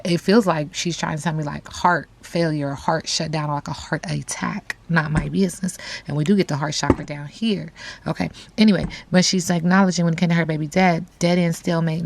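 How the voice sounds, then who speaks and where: A woman's voice: low-pitched, gravelly, a little hiss or hum. A woman giving a casual, slangy tarot reading straight to her viewers, full of asides and catchphrases. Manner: chatty, slangy, frequent asides. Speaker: tarot reader.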